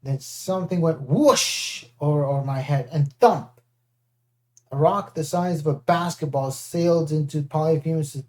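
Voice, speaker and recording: Audiobook narrator, mellow tone, lively first-person reading. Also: medium pitch. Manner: lively, with character voices.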